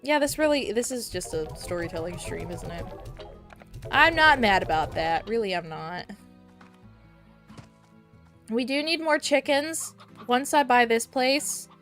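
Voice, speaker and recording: A woman streaming a game, chatting casually and getting excited easily, with giggles. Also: a little high, a little slow, long pauses, soft background music. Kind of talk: casual gameplay stream chat.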